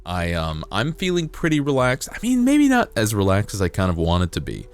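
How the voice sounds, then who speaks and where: A male streamer chatting casually with his viewers, rambling and playful, sometimes jumping into high silly voices. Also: wildly swooping pitch, normal speed. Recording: faint music behind.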